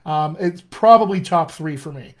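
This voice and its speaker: A man's voice: a little high, normal speed. Upbeat male dialect coach, General American. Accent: General American with a slight Colorado tinge. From Colorado, USA. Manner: enthusiastic and encouraging, addresses listeners as friends; chatty with frequent fillers and restarts. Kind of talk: live-stream Q&A teaching.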